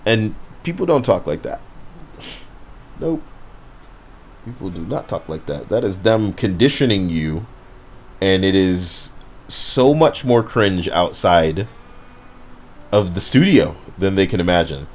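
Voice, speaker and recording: A man's voice: low-pitched, lively intonation, slow pace, pauses often, a little hiss or hum. A young man casually commenting on a game stream, rambling and talking to his chat. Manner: rambling, apologetic, talks to chat.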